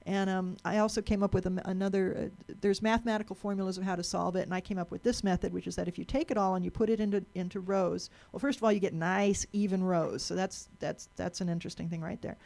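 A woman lectures a room in a mid-range voice roughened by vocal fry. She talks in a chatty way, often repeating and restarting words as she goes. She stops to put questions to the audience. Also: medium pitch, fairly even intonation, quick pace, hardly any pauses, darkish tone. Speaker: speaker giving a talk.

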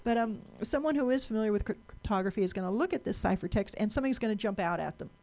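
A woman's voice: mid-range voice, expressive, fast, a little mellow. A woman giving a talk to a live audience, chatty, asking the room questions and often repeating and restarting words.

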